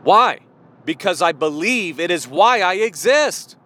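High, bright-voiced preacher man. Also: animated, measured pace, slight background noise. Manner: impassioned, swinging between soft pleading and loud declaration. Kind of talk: sermon.

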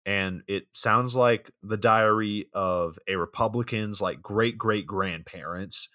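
Slow and lowish, with a pushed, bright delivery and no room sound, this male podcast co-host retells a horror film's scenes. His casual recap is laid-back and full of dry humor.

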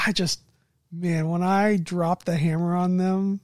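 Lively woman recounting a game session. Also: lowish voice, unhurried, no room sound, clean studio sound. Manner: animated storyteller, laughs often. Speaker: game master. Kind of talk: casual chat recounting a tabletop game session.

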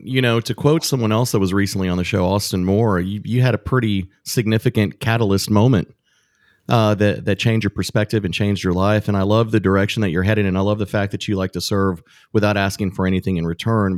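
A man hosting a casual podcast, his voice sitting on the low side. He sounds upbeat and encouraging, and the recording is dry and close, with no room sound around him. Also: no echo. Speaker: podcast host.

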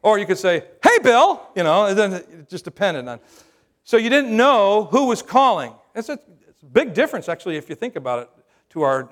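A middle-aged pastor with a high voice preaches a sermon in a humorous, conversational style. He keeps checking in with the crowd by asking "right?"

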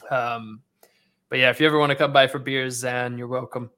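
A man's voice: mid-range voice, steady tone, a little fast, pushed and bright. A man from Canada, joking around in a friendly, casual podcast chat. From Alberta, Canada. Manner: jokey, friendly, laughs easily. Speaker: podcast co-host.

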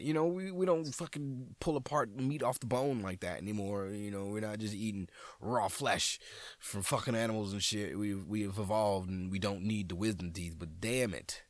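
A man hosting a podcast as a comedian, in a casual, profane monologue that jumps into high, excited outbursts. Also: moderate pace, no echo.

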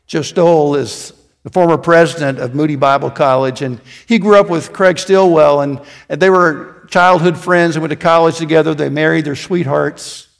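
A man pastor preaching a sermon, telling stories and dropping to quiet emphasis on key words. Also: on the high side, fairly even intonation, normal speed, vocal fry, in a large hall.

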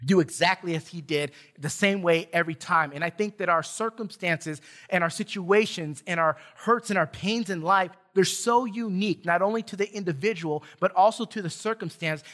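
Joking, conversational pastor. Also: male voice, high-pitched, moderate pace, few pauses, fairly bright tone. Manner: conversational preaching with humor, stammered restarts. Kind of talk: sermon. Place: church.

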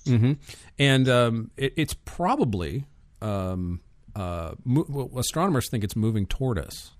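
A man hosting a casual conversation, chatty and quick to laugh, with frequent fillers. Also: medium pitch, very animated, no echo, clean studio sound. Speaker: host. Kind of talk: casual chat about astronomy.

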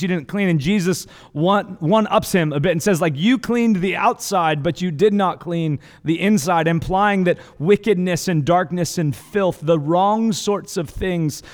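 A man with a fairly high voice preaches in an earnest, conversational way, dropping casual asides and restarting his phrases. His sermon rings with a long hall reverb, as if it were recorded in a church sanctuary. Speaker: pastor.

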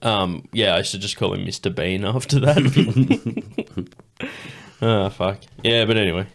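A man's voice: fairly low pitch, a little slow, creaky. A man hosting a podcast, telling stories in casual chat, swearing and laughing often. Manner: swears freely, laughs often, rambling storyteller. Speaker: podcast host.

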